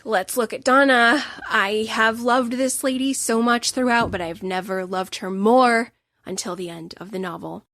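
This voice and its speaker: A woman's voice: a little high, fairly bright tone, no room sound, clean studio sound. A woman hosting a solo book podcast, telling the story with emotional, emphatic bursts. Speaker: podcast host.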